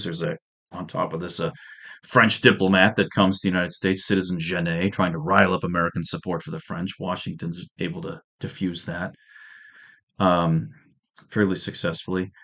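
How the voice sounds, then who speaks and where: A man's voice: sits low, a bit bright. A man giving a casual history lecture, conversational, with restarts and joking asides. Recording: dull lo-fi audio.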